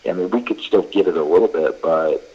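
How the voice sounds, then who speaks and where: Low husky man telling baseball stories. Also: brisk, muffled recording. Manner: rambling anecdotes full of fillers and quoted dialogue. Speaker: college baseball head coach. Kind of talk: casual podcast chat, storytelling.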